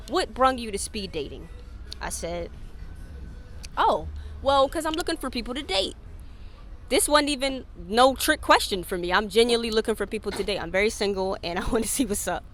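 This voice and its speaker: A woman hosting her own podcast in a casual solo chat, talking candidly with frequent swearing and laughter and acting out what people said. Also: medium pitch. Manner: candid, profane, laughs often; animated, acts out quoted speech. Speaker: podcast host.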